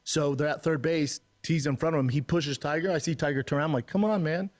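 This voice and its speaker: As a guest on a podcast, a man tells a casual, animated, profanity-laced story, acting out the other people's lines himself. He talks fast in a voice on the high side.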